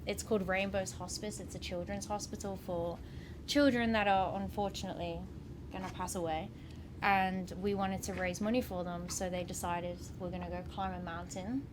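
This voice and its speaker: A woman in her twenties with an English accent, chatting casually as an interview guest, full of "like" and quick laughs. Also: mid-range voice. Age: 20s. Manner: chatty, laughs often, lots of "like". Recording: noisy background ambience.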